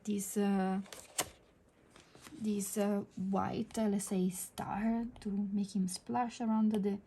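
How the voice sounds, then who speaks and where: A woman with an Italian accent talking through a drawing tutorial, soft-spoken and hesitant with many fillers, sometimes dropping to a near whisper as she works. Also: medium pitch, flat delivery, slow pace, slight background noise. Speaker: digital art tutor.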